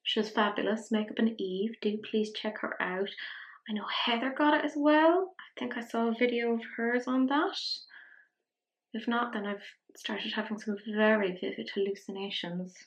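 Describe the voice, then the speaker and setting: A woman's voice: a little high, normal speed. A young Irish woman chatting casually through a makeup tutorial, with a self-mocking, rambling manner. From Ireland. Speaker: beauty vlogger. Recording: echoey room.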